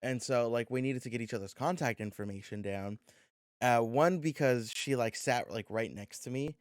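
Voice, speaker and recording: A young man chatting on a podcast in an easy, rambling way, stumbling over his words and filling the gaps with fillers. His voice is smooth and resonant at a middling pitch. The recording is close and dry. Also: moderate pace, dry recording. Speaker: podcast co-host. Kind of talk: casual chat.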